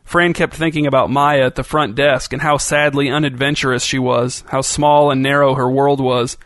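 A man narrating a novel in a steady, even storytelling voice. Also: mid-range voice, moderate pace, no room sound. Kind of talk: audiobook narration.

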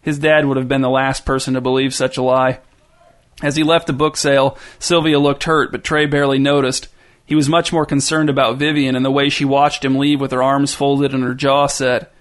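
A man reading a story aloud as narrator, with even, wry narration. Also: mid-range voice.

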